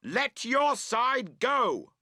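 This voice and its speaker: A man reading aloud, voicing a stubborn man who shouts back angrily during a tent quarrel, his voice raised high. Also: sing-song, drawn-out words, dry recording, clean studio sound, heavily acted. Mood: angry retort. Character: stubborn angry man fighting over a tent.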